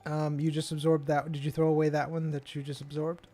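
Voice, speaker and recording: A man running a tabletop game, calmly explaining rules step by step to a player. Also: on the high side, fairly quick. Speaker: game master.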